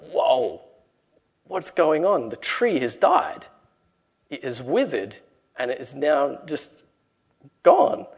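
A male preacher giving a relaxed, conversational sermon, telling stories and acting out quoted lines with animated bursts. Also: a little high, breathy edge.

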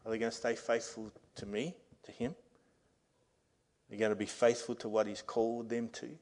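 A man's voice: mid-range voice, little pitch movement, moderate pace. Earnest male pastor preaching. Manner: earnest preaching that swells to loud, emphatic reading. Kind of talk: sermon. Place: church service. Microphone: microphone.

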